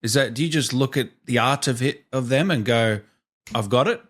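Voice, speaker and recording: A man's voice: mid-range voice, normal speed. A man hosting a podcast, asking friendly and curious questions in a casual interview. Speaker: podcast host.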